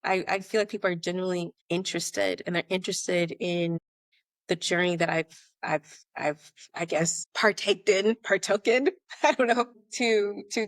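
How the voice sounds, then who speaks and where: A woman's voice: on the low side, moderate pace, no echo. A woman in her late thirties from Atlanta, a podcast guest telling stories in a casual interview and acting out the voices of people she quotes. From Atlanta, United States. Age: late 30s. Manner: animated storyteller who acts out quoted dialogue. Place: abroad in Spain.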